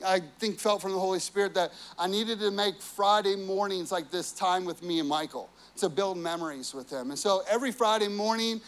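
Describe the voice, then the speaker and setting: A man's voice: high-pitched, brisk, few pauses, fairly bright tone. A man preaching a sermon, earnest and personal, telling family stories with frequent "you know"s. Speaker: pastor.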